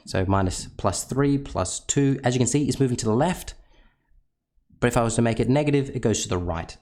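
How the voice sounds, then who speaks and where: A man with a fairly low voice walks through a maths lesson on screen, explaining each step patiently. He drops in self-deprecating asides as he sketches on a tablet. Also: a little mellow. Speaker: maths teacher.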